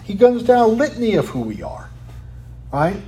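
Man, pastor preaching, slightly high voice, rhetorical questions, frequent "right?", quiet emphatic drops. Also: wildly swooping pitch, normal speed, a little hiss or hum. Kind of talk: sermon.

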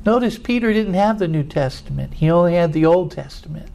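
A man's voice: a little high, lively intonation, gravelly, mellow, low-quality recording. A male preacher giving a sermon in a folksy way, drawing out words for emphasis. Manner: folksy, drawn-out emphatic phrasing.

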